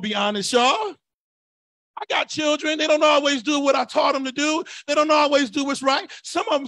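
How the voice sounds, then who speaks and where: High-pitched shouting male preacher. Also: no room sound. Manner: shouted call-and-response preaching, drops to soft sighing asides; folksy, colloquial delivery. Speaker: pastor. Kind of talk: sermon.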